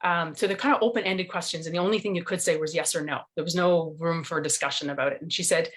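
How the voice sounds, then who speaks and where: A woman's voice: lowish voice, fast talker. A middle-aged woman, a nutrition coach, telling her story earnestly in an interview over a video call.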